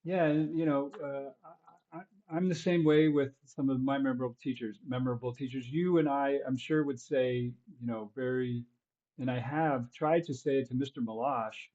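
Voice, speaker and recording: A man hosting a podcast who talks in an earnest, soft-spoken way and often drops in quiet yeahs. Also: mid-range voice, fairly even intonation, moderate pace, muffled recording. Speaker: podcast host. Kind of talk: casual interview conversation.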